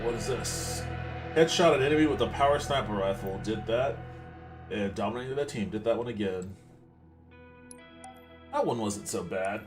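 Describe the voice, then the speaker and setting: A man's voice: on the low side, moderate pace, long pauses. A man commenting casually while playing a video game, chatty and self-mocking, swearing and laughing often. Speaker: podcast host. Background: game music.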